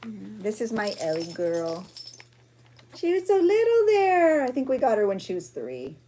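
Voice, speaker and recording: A woman's voice: mid-range voice, huge pitch swings, unhurried, warm tone, slight background noise. A woman hosting a craft journaling vlog, chatty and emotional, rambling with fillers as she shows her pages. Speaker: junk journaling video host.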